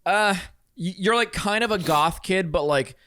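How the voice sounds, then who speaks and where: A man's voice: sits high, moderate pace, sharp tone, smooth, dry recording, clean studio sound. A man co-hosting a podcast who steers the casual chat by posing hypothetical scenarios. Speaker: podcast co-host. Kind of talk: casual comedic debate chat.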